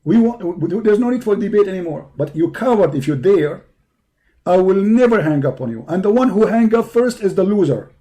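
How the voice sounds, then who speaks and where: A man with a hoarse voice hosting a live online show, delivering a heated, taunting monologue full of repeated insults and challenges. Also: sits high, lively intonation, fairly quick, dark tone. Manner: taunting, confrontational, repetitive insults. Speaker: online debate show host. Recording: live stream over a poor connection.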